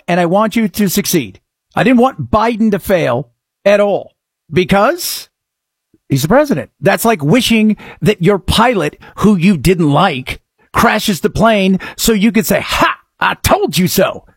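A man hosting a talk radio show, delivering a sarcastic, animated monologue. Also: high-pitched, measured pace, breathy edge, no room sound, clean studio sound.

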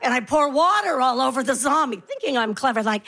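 Bright high-voiced woman doing stand-up. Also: fast talker. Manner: animated storytelling, acting out kids and herself in shrill voices. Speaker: stand-up comedian. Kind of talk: stand-up comedy set.

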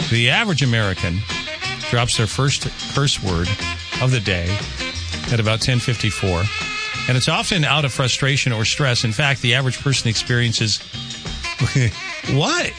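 A man's voice: on the low side, a bit bright, dry recording. Man, radio morning host, chatty and jokey, dry close studio sound, faint music underneath. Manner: chatty, joking, self-interrupting. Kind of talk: casual radio chat. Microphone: studio microphone.

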